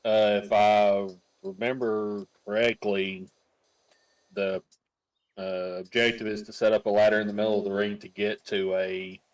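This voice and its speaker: A man's voice: on the low side, flat delivery, unhurried, poor audio. A man on a headset chatting casually with a friend, laid-back with short replies. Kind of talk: casual chat.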